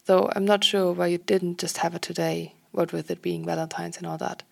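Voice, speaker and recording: Woman reading as a bitter, sleepy young guy, soft and half-whispered, a little gravelly. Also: lowish voice, little pitch movement, fairly quick. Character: young man, drowsy and bitter at 2 a.m.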